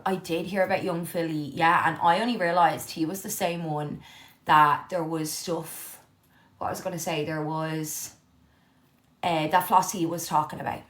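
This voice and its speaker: A young woman chatting casually on a live stream from her living room, reading and answering viewer comments, candid and quick to swear. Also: fairly low pitch, steady tone.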